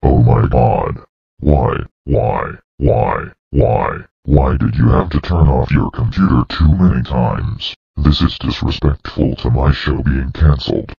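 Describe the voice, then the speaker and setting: A male text-to-speech voice playing a furious purple dinosaur scolding the user, with a flat robotic delivery. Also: slow pace, dry recording, highs cut off, exaggerated voice. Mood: menacing. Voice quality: very deep, gravelly synthetic voice.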